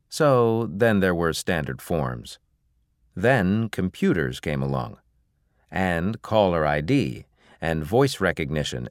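A man narrating an audiobook in a steady, even storytelling manner. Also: sits low, no room sound, clean studio sound. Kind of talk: scripted narration.

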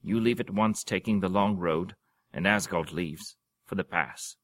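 A man's voice: deep voice, measured pace, fairly bright tone, no room sound. A man voicing a dignified old white-haired duke in a read-aloud story, formal and courtly. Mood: resolute.

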